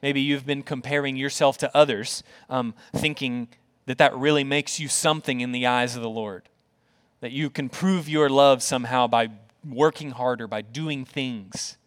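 A male pastor preaching a sermon in an earnest, conversational way, with rhetorical questions and repeated words, dropping to a soft, quiet voice for tender points. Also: mid-range voice, steady tone, moderate pace, clean tone.

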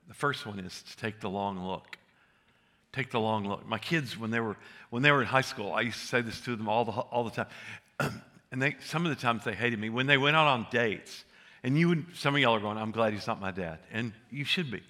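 A man's voice: medium pitch, sharp tone. An older man preaching a sermon, telling folksy stories and joking with the congregation. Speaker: pastor.

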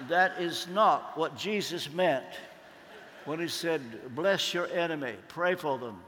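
Slow deliberate preacher in an echoing hall. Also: male voice, a little high, pushed and bright, a little hiss or hum. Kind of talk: sermon. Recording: long hall reverb.

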